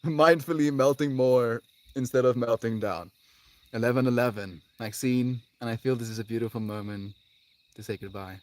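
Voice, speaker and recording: A man speaks in a mid-range voice on a live stream, dreamy and heartfelt, often laughing and sighing. He pauses a lot and lets his phrases fade into near whispers. Crickets and insects chirp faintly behind him. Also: medium pitch, no echo. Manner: drawn-out pauses, often trailing off quietly. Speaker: livestreamer. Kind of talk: live stream chat with viewers. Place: outdoors with birds audible.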